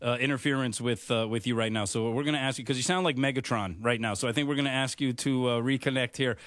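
A man's voice: mid-range voice, steady tone, fast talker, fairly bright tone, dry recording. A man hosting a sports radio show, chatting casually with many uhs and ums and laughing easily.

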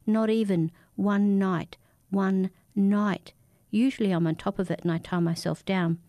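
A woman voicing a frightened, desperate man who pleads for his life, rambling and rising in pitch as he begs. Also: steady tone, a little slow, dark tone, dry recording, close to an everyday voice. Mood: pleading. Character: frightened desperate man, a cursed family father.

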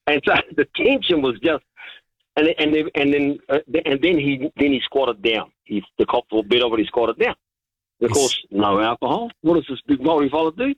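A man, calling in to a radio show and telling an animated anecdote full of restarts and chuckles. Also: mid-range voice, a little fast, dry recording. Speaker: caller. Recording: dull, lo-fi line.

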